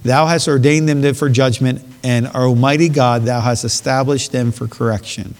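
A man's voice: mid-range voice, steady tone, moderate pace, a little mellow. A man preaching a sermon, reading scripture aloud and rising to emphatic peaks. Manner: reads scripture aloud in old King James wording, rising to emphatic peaks. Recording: long hall reverb.

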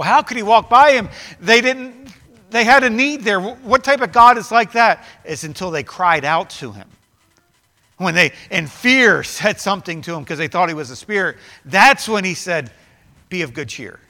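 Male pastor, high and bright, emphatic sermon delivery, long reverb of a church hall. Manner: rising to fervent, emphatic preaching with repeated phrases.

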